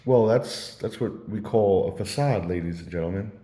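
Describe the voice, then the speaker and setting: Man, low and mellow, loose rambling storyteller, echoey room. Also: normal speed. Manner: meandering storytelling with many fillers and restarts. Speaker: vlogger. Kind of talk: casual rambling monologue. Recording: roomy echo.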